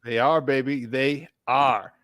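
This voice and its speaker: A man hosting a casual sports talk show, animated and laughing often. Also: medium pitch, slow, dry recording.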